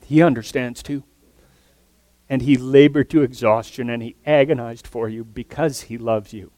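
A man preaching a sermon earnestly, his voice swinging from loud emphatic lines to soft, near-whispered ones. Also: medium pitch, steady tone, moderate pace, no echo.

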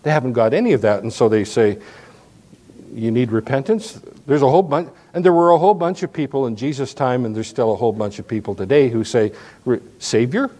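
Brief: male pastor, sermon delivery, animated and folksy, chatty asides, mid-pitched voice. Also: fast, hardly any pauses. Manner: animated, conversational preaching with restarts and folksy asides.

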